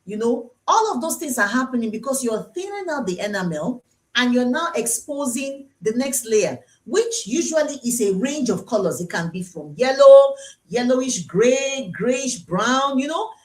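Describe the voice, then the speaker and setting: A high-voiced Nigerian woman dentist talks to her viewers on a live stream. Her pitch swings widely as she teases them and hammers home her advice. She repeats the main points over and over. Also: lively intonation, moderate pace. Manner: chatty, teasing, repeats key points for emphasis. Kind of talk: live-streamed health talk. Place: dental clinic.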